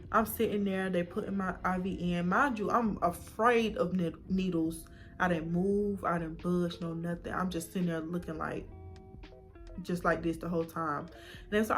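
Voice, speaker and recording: A young woman vlogger telling her own story in a casual, animated way, acting out what people said. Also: lowish voice, moderate pace, faint music behind. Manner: casual and animated, acts out voices in quotes. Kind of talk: emotional personal storytelling.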